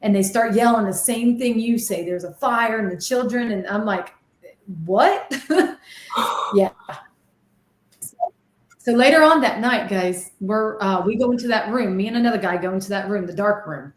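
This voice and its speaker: Her voice is mid-range and moderately paced as she shares stories during an interview, recorded in a room with noticeable echo. A working medium and ghost hunter, she gets animated and excitable, performing the voices she recalls in dramatic re-enactments.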